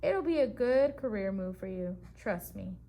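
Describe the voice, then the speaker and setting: A woman voicing a polite, smooth-talking man in a children's storybook, coaxing a lion with promises. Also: mid-range voice, lively intonation, moderate pace, warm tone. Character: smooth-talking scheming adult man, circus recruiter.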